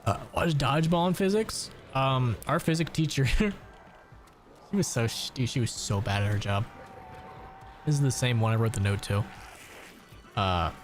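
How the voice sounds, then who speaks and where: Background music plays while a man in his twenties streams a game, rambling, cursing freely and laughing frequently. He speaks at normal speed with a mid-range voice and long pauses. A faint hiss or hum is audible.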